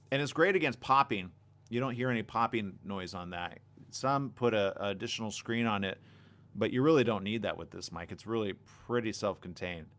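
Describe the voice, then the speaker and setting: A man hosting a casual live stream on a desk mic, reading viewer comments and chatting excitably. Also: on the low side. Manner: animated, excitable, reads viewer comments aloud. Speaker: livestream host. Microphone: desk condenser mic.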